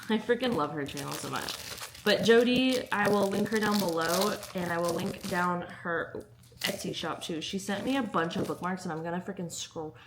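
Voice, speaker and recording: A woman's voice: lowish voice, normal speed, noisy background. Bubbly chatty woman book vlogger. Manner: bubbly and chatty, giggles often. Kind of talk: casual vlog chat.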